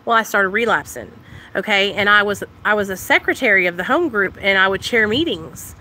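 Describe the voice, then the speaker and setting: Loud, chatty young woman with a bright voice. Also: medium pitch, a little fast. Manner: loud, chatty, excitable, talks straight to viewers. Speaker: recovery vlogger. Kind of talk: casual live-stream chat.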